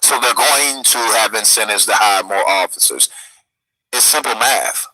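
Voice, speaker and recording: Guy ranting like a lecture, cussing, really bright husky voice, dry sound. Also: on the low side, moderate pace, no room sound, rough recording. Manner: preachy, profane lecturing. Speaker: speaker in a played clip. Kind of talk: lecturing rant.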